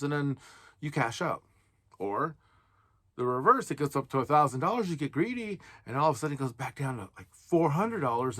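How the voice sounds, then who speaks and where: A man vlogging casual financial advice, explaining with lively rises and drops in emphasis. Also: fairly high pitch, no room sound, studio quality. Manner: animated, explains with rising and falling emphasis. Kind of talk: casual monologue.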